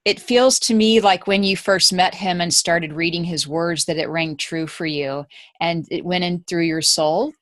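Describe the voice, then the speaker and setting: A woman's voice: on the low side, moderate pace, a bit bright, no echo. A woman on an online group call, speaking in an earnest, encouraging way. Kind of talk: casual talk. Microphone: video call.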